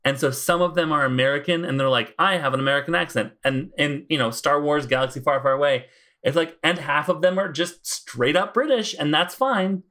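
A man co-hosting a casual podcast chat, relaxed, reeling off comic issue details. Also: a little high, moderate pace. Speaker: podcast co-host.

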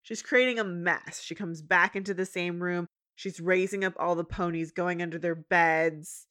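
A woman in her thirties, recapping a cartoon episode in casual chat and acting out the characters' lines. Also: normal speed. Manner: animated, acts out characters' lines in a high voice. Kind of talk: casual chat, retelling with voiced quotes.

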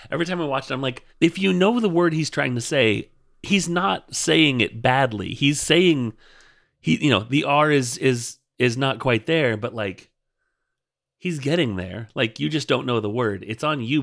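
A man's voice: mid-range voice, gravelly. A man co-hosting a podcast, chatting casually about a TV show with rambling asides and frequent laughs. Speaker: podcast co-host.

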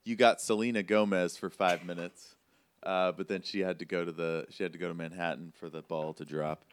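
A man running a tabletop role-play as game master, telling the scene in a relaxed, conversational way with plenty of fillers. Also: deep voice, brisk, smooth.

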